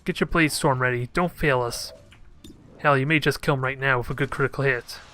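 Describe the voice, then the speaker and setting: A man's voice: medium pitch, fairly quick, bright, forceful tone. A man commenting casually on his own strategy gameplay, thinking aloud and cracking joking asides at his units. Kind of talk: casual let's play commentary.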